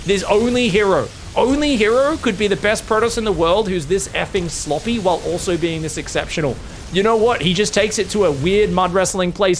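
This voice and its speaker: An excitable man commentates a strategy game match on his own, his voice sitting fairly high. He acts out what the players are thinking and lets a swear slip when things get wild. A faint hiss runs under the recording. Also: brisk. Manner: excitable, swearing, acting out players' thoughts in quotes. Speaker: esports caster.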